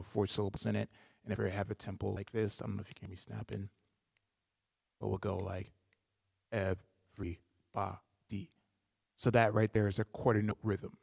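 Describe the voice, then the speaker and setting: Gravelly-voiced man casually explaining rap. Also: darkish tone, no room sound, clean studio sound, big-room sound. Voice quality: gravelly low voice. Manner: loose, conversational, many "like" fillers. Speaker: rapper hosting a live stream. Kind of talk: casual live-stream Q&A teaching.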